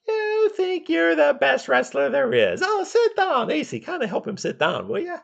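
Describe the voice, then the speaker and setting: A brash male wrestler, as a man puts him on, yells and mocks his guests in a shrill, high voice. It sounds dull and lo-fi. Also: huge pitch swings, unhurried, vocal fry, exaggerated voice. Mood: mocking. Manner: shouting, high mocking voice.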